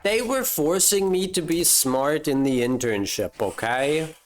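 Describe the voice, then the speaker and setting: Lively self-mocking young streamer. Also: mid-range voice, a little slow, slight background noise. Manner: self-mocking, swearing, thinking aloud. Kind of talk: live gameplay commentary.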